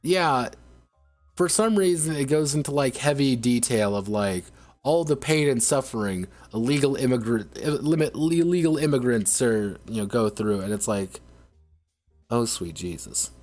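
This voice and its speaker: A man's voice: medium pitch, expressive, moderate pace, darkish tone, soft background music. Sarcastic, profane male streamer ranting. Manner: sarcastic, profane, rambling with many restarts. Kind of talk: casual ranting commentary.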